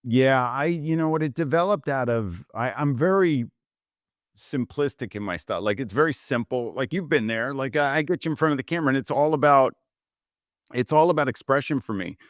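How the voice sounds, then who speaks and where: A middle-aged man tells stories in a relaxed interview, full of "like" and acted-out quotes. His voice sits at an ordinary pitch. The mic is close and dry, with no room sound. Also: a little fast, dry recording. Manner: animated storyteller who acts out quotes with lots of "like". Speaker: guest photographer. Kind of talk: casual storytelling interview.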